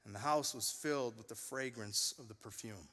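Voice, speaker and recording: A man's voice: mid-range voice, moderate pace. A man in his forties preaching a sermon to a church congregation, telling stories and acting out the voices in them. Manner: animated storyteller, acts out quoted voices. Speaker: pastor. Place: large church auditorium. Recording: long reverb of a church hall.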